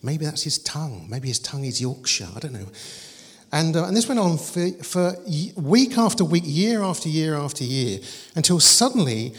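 Man, preaching, fairly high voice, long church-hall reverb. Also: moderate pace. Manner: conversational storytelling preacher, animated and humorous. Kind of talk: sermon.

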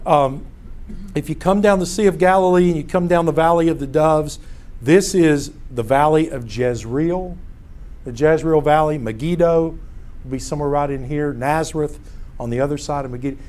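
A man teaching a casual Bible lesson, telling stories in an animated way and often breaking off to restart a phrase. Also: on the high side. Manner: storytelling, animated, self-interrupting.

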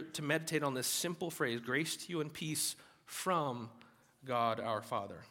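A man's voice: on the high side, pushed and bright, in a large hall. Man with a light Southern accent preaching. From Alabama, US South. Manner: earnest, building emphasis with rising energy. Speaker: pastor. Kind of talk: sermon.

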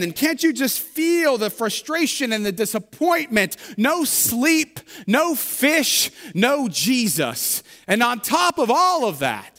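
High-voiced man preaching with humor. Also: pushed and bright. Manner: conversational, humorous storytelling. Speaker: pastor. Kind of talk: sermon. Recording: long hall reverb.

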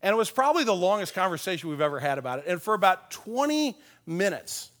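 A man, a pastor, giving a conversational sermon with personal stories, dropping softly on key points. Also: high voice, big pitch swings, quick pace. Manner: folksy, tells personal stories with chuckles.

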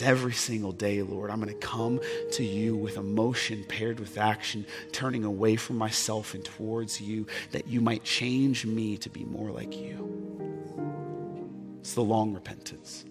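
A man preaching a sermon as pastor, impassioned and swinging from loud, fervent passages to hushed, tender ones. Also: lowish voice, fairly even intonation, normal speed, music in the background.

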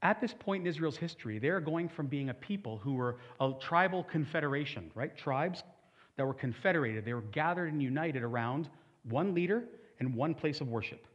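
Man, pastor, sermon, husky voice, conversational, muffled recording. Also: a little high, lively intonation, brisk. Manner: conversational, humorous asides.

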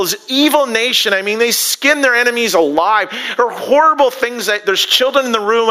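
A man preaching a sermon, acting out quoted lines with animated rising emphasis. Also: sits high. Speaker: pastor.

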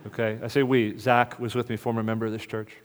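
A man preaching a sermon as the pastor, moving between soft, hushed lines and loud, ringing proclamation. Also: mid-range voice, flat delivery, quick pace. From United States. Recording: reverberant hall.

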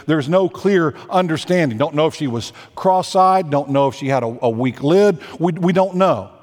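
Man, pastor, sermon, emphatic, repeats himself, higher voice, reverberant church hall. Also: darkish tone. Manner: emphatic, repeats phrases and restarts.

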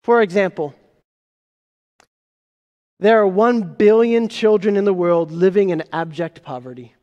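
A man's voice: high voice, darkish tone, dull audio. Male pastor, sermon, emphatic and rhetorical, long hall reverb. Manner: emphatic, rhetorical questions, slows for key phrases.

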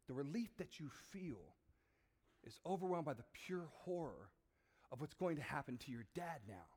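A man's voice: a little high, lively intonation, measured pace, a little mellow. A man preaching a sermon, telling stories and acting out the voices in them in a conversational way. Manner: acts out voices in illustrations, conversational. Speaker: pastor.

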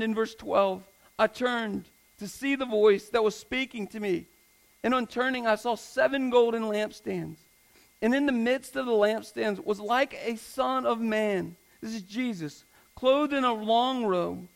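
High-voiced earnest male preacher. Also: gravelly, low-quality recording. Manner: earnest, repeats phrases for emphasis. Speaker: pastor. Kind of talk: sermon.

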